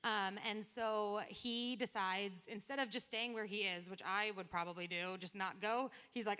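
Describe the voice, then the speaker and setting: A woman gives a relaxed, conversational sermon, with a bright, forward tone. She retells old stories in everyday slang and slips into quick quoted asides as she goes. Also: medium pitch. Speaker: preacher. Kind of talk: casual sermon.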